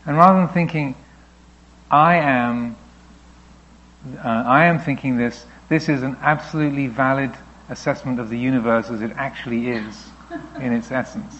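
A man, a Buddhist teacher, answering questions in a reflective, gently explaining way, now and then voicing thoughts aloud. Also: medium pitch, fairly even intonation, normal speed, lo-fi sound. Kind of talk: dharma talk Q&A.

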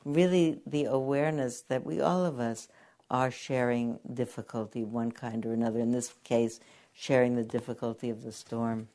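An older woman meditation teacher giving a gentle dharma talk, telling stories with many pauses and fillers. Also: a bass voice, fairly even intonation. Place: meditation hall.

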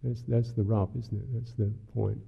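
A male Buddhist monk gives a dharma talk in a wry, unhurried, musing way. His voice is husky with a gravelly edge, sitting at an ordinary pitch for a man. The recording is thin and phone-like. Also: flat delivery. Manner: musing, unhurried, wry, many "you know" fillers.

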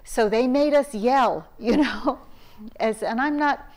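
A woman's voice: on the high side, takes it slowly. A middle-aged woman teacher giving a dharma talk at a meditation retreat, telling a story conversationally with laughs and restarts.

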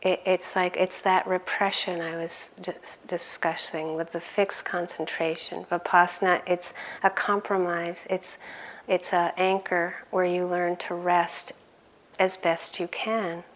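A middle-aged woman giving a conversational dharma talk as a meditation teacher, laughing often and growing animated in her stories. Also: lowish voice, measured pace.

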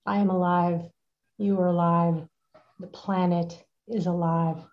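A woman leading a retreat talk from home, speaking gently and unhurriedly with soft laughs. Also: on the low side, level tone, unhurried, dull audio. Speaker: meditation retreat teacher. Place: at home with a dog nearby.

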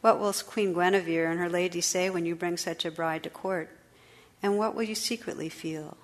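A woman's voice: on the low side, steady tone, moderate pace, long reverb tail, close to an everyday voice. Woman voicing Lady Ragnell, tearful enchanted noblewoman. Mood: distressed. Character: enchanted noblewoman, tearful and gentle, under a curse.

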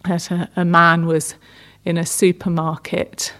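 Soft-spoken woman giving a meditation talk. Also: on the low side, level tone. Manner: gentle, unhurried, with frequent restarts and fillers. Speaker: meditation teacher. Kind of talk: dharma talk.

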